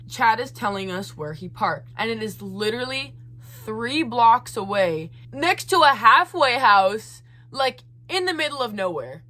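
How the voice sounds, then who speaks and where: A young woman vlogger telling a story in a casual, animated and exasperated way, full of asides. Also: a little high.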